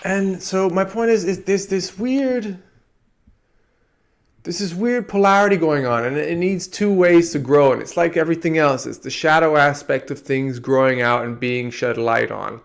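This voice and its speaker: A man's voice: a little high, normal speed, creaky. A man from Antigua with an American-tinged accent, talking through his ideas in a meandering, reflective podcast monologue. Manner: meandering, restarts often. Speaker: podcast host.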